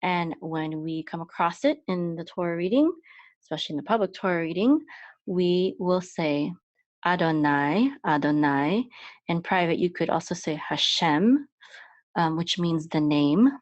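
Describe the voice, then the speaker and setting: A woman's voice: fairly low pitch, dry recording. A woman teaching a Hebrew reading lesson step by step, patiently repeating each sound several times. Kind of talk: slow step-by-step language lesson. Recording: dull dry lo-fi recording.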